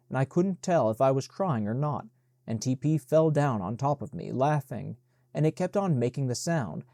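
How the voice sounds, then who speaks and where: A man reading an audiobook in a measured, unhurried narration. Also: medium pitch, mellow, no echo, clean studio sound. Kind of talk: scripted narration.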